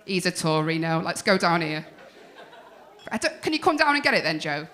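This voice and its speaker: A woman's voice: on the low side, big pitch swings, moderate pace, fairly bright tone, slight background noise. A woman compering a comedy night on a club stage, joking brashly with the crowd and introducing acts. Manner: brash, jokey, swears at the crowd.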